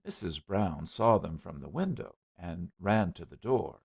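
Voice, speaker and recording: A man narrating a storybook in a measured manner, on a dull lo-fi recording. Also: low voice, animated, vocal fry, darkish tone, breathy edge. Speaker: audiobook narrator. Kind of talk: scripted narration.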